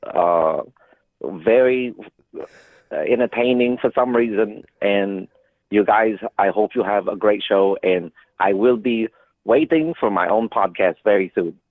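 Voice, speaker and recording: A man's voice: on the low side, a little slow, dry recording. A man calling in as a guest on a podcast, grumbling in mock indignation during comic phone banter. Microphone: phone call. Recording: muffled phone line.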